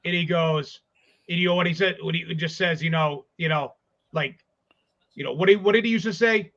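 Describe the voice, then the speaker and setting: A man co-hosting a casual sports podcast, rambling excitedly and swearing as he talks. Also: fairly high pitch, a little fast. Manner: excited, profane, rambling with restarts. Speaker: podcast co-host. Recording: dull lo-fi audio.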